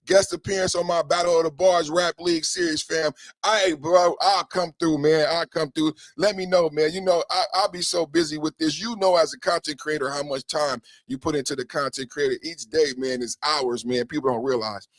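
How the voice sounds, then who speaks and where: A man's voice: on the high side, fairly even intonation, moderate pace, few pauses, no room sound. A man hosting a podcast with hype-man energy, chanting catchphrases and slipping into sing-song rhymes. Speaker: podcast host. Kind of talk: hyped podcast monologue.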